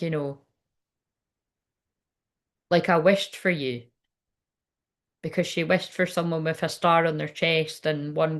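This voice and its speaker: A woman's voice: low-pitched, a bit bright. A woman giving a casual livestreamed card reading, chatty and rambling, swearing freely. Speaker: tarot card reader.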